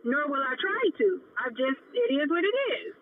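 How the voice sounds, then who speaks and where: A woman's voice: high-pitched, sing-song, moderate pace, a little hiss or hum. A woman caller on a phone line, asking frank questions in casual chat.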